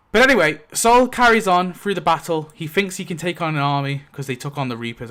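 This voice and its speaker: A man's voice: on the high side, lively intonation, brisk, a bit bright. A man hosting his video, casually narrating a story rewrite decided by dice rolls, rambling with lots of fillers and little chuckles. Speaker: YouTube host.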